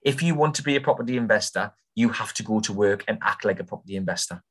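Young male host, slightly low voice, cheeky and blunt, casual advice monologue. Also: animated, fast. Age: young adult. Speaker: podcast host, property investor.

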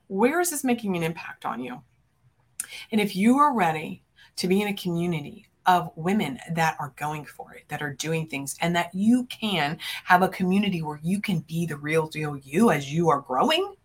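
A woman's voice: lowish voice, lively intonation, moderate pace, breathy edge. A woman podcast host and business coach giving emphatic, fervent motivational talk, speaking straight to her listeners as friends. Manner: emphatic, fervent, punchy declarations with big swings in loudness; addresses listeners directly as friends.

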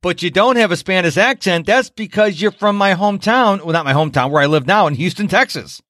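A man from upstate New York hosting a podcast, talking in a high-energy, jokey, animated way. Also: a little fast, no echo, studio quality. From Rochester, New York. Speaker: podcast host. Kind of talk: casual interview chat.

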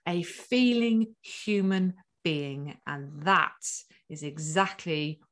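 A woman hosting a conversational interview as a counselor. She talks in an animated, reassuring way, with many asides. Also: lowish voice, slow pace. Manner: animated, reassuring, acts out inner voices. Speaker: podcast host and counselor.

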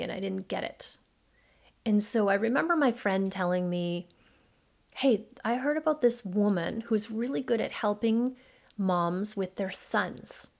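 A middle-aged woman hosting a podcast, telling a personal story in an earnest, animated way and acting out dialogue. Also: medium pitch, vocal fry. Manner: addresses listeners as mamas. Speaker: podcast host, midlife coach. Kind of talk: casual monologue podcast.

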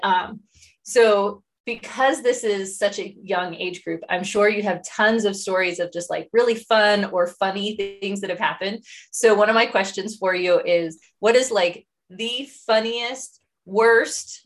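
A woman hosting a casual interview with a fellow teacher, relaxed and conversational as she asks open questions. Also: medium pitch.

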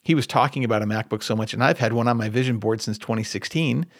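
A man hosts his own podcast and tells a story from home in an easy, rambling way, stopping now and then to fix his own wording. His voice has a rough, gravelly edge and sits at an ordinary middle pitch. The sound is close and dry, with no room around it. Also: quick pace, dry recording. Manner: conversational, rambling with self-corrections. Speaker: podcast host. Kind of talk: casual storytelling monologue. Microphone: podcast microphone at computer.

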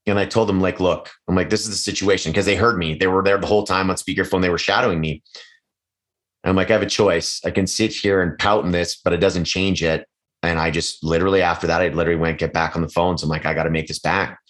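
A man's voice: deep voice, steady tone, fast talker, a bit bright. A middle-aged man speaking candidly as a podcast guest, swearing freely and acting out other people's voices as he tells stories. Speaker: podcast guest, real estate agent. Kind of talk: casual conversational interview.

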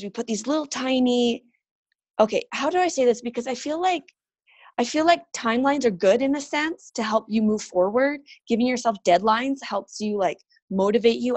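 A woman in her thirties, a podcast guest, telling personal stories in an earnest, animated way and acting out quoted voices. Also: on the high side, dry recording. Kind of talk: casual interview talk.

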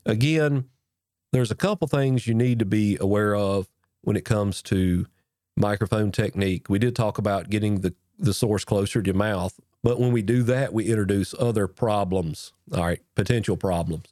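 A man hosting a podcast, casually explaining mic technique in a folksy way while he speaks into a boom-arm microphone with a foam cover. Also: normal speed, mellow, no echo, studio quality. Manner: folksy, repeats and restarts while demonstrating at the mic. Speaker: podcast host teaching audio gear. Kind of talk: casual instructional talk to camera. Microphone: boom-arm microphone with foam cover close to his face.

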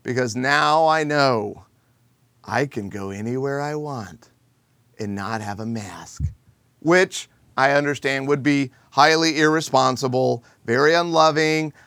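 A middle-aged man hosting a comedic monologue, animated and jokey. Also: medium pitch, a little slow, clean tone, no room sound. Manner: animated, jokey, acts out quoted people. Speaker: host.

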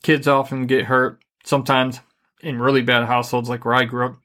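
A middle-aged man co-hosting a podcast, giving relationship advice in a calm, even, deliberately unhurried way. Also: mid-range voice. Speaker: podcast co-host. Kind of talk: casual advice chat.

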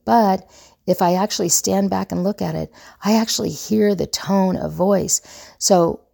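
A woman's voice: medium pitch, a little slow, gravelly, mellow. A woman in her fifties hosting a relationship advice show, talking earnestly in a rambling way with many fillers and restarts. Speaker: relationship coach and podcast host. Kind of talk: casual advice monologue.

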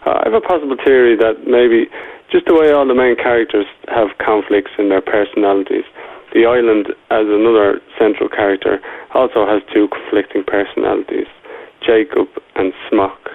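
A man from Ireland with an Irish accent, calling in to a podcast with a measured, halting delivery. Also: lowish voice, fairly even intonation, vocal fry, no echo. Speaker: caller. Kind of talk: recorded voicemail feedback. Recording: tinny phone line.

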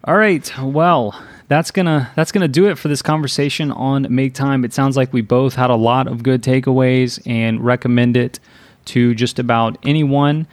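A man's voice: mid-range voice, fairly even intonation, moderate pace, no echo. Man hosting a podcast, dry sound. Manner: upbeat, wraps up with show plugs. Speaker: podcast host. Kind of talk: casual podcast chat.

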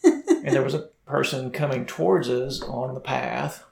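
Gravelly-voiced man in a roomy space. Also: mid-range voice, steady tone, a little slow, a little mellow. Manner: storytelling, playful. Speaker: podcast co-host. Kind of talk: casual chat.

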